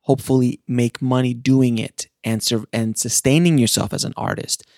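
Earnest man with a gravelly voice. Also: medium pitch, fairly even intonation, moderate pace, a little mellow, dry recording, clean studio sound. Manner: earnest and passionate, with frequent restarts. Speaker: filmmaker and podcast host. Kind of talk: casual monologue to listeners.

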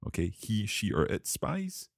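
Deep-voiced man teaching a language lesson. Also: huge pitch swings, no room sound, studio quality. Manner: clear, measured teacher explaining grammar. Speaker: language podcast host.

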